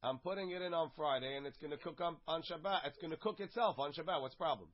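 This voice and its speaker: A man leads a relaxed study lesson, reading a phrase at a time and explaining it simply in a slightly raised voice. The recording sounds dull and lo-fi, with the highs rolled off. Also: fast. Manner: reads a phrase, then translates and explains it plainly. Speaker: teacher of a Talmud class. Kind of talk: casual text study lesson.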